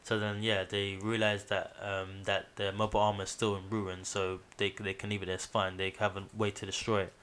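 Casual male co-host, lowish voice, rambling storyteller. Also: completely flat delivery, brisk, few pauses, a bit bright, smooth. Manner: rambling, full of "like" and "um", acts out quotes. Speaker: podcast co-host. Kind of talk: casual chat recapping an anime.

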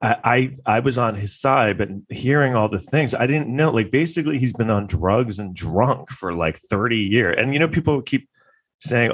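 A man's voice: mid-range voice, expressive, moderate pace. A man hosting a podcast, talking casually in a rambling, filler-heavy way and acting out quotes. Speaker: podcast host. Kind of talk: casual monologue.

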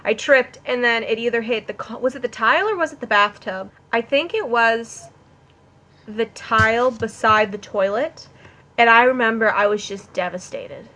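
A woman's voice: on the high side, normal speed, sharp tone, a little hiss or hum, rough recording. A woman in her twenties, co-hosting a podcast, chatty and dramatic as she recounts a childhood mishap. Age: 20s. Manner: chatty, self-described dramatic. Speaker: podcast co-host. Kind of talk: casual chat.

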